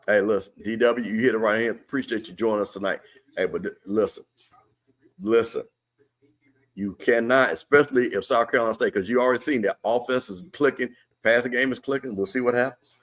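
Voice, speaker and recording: A man's voice: mid-range voice, brisk, fairly bright tone. A man hosting a live game watch party and commentating casually, reading viewer comments and using loose, slangy talk. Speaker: watch party stream host. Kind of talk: live sports commentary chat.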